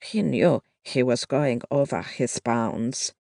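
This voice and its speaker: A narrator voicing a wounded sergeant who speaks English, keeping his voice low and cautious. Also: slow, vocal fry, warm tone, no room sound, studio quality. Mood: confiding. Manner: cautious, lowered voice. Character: wounded adult male German sergeant, guarded. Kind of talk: audiobook narration.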